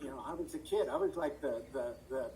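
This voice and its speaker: A man's voice: medium pitch, expressive, a little fast, warm tone, recorded from a distance, slight background noise, poor audio. An older man, a stage and screen actor, telling rambling stories as an interview guest and often searching for words. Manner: chatty, rambling storyteller who searches for words. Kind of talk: anecdotal storytelling in an interview. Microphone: video call.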